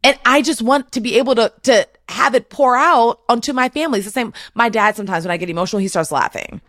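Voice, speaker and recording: A woman's voice: fairly high pitch, quick pace, fairly bright tone, dry recording. A woman hosting a heartfelt conversation, talking in an earnest, emotional way with many restarts. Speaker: host. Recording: dry close mic.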